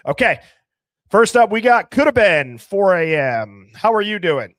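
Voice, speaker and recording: Guy hosting a live call-in stream, slightly high voice, dry close sound, playful shout-outs. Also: animated, moderate pace, clean tone, no echo. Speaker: live call-in show host. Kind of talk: casual live-stream chat.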